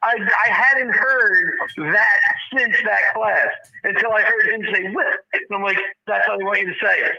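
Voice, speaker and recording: Man, nasal, high and gravelly, self-deprecating caller, dull phone-line audio. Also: normal speed, hardly any pauses, bright, forceful tone. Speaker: phone-in guest. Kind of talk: casual chat over the phone.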